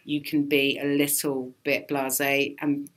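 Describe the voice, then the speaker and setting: A woman, a stand-up comedian, chatting casually in an interview and telling lively, sweary stories in which she acts out other people's lines. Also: a bass voice, a little slow. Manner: lively storyteller, swears freely, acts out quotes.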